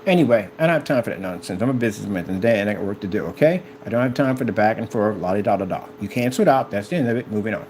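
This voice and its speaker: A man's voice: fairly low pitch, lively intonation, racing, hardly any pauses, background noise. A businessman ranting at the camera, confrontational and mocking, repeating himself as he goes. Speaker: business owner.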